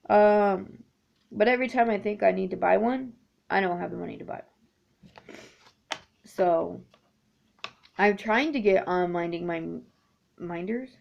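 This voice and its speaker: A woman's voice: mid-range voice, unhurried, gravelly, long pauses. A woman in her thirties chatting casually to camera as a needlework vlogger, rambling with lots of ums. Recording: dull lo-fi home recording.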